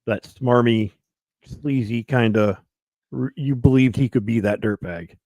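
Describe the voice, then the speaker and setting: A man's voice: medium pitch, unhurried, warm tone, no echo. A man co-hosting a casual podcast chat, swearing freely and reeling off film facts. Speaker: podcast co-host.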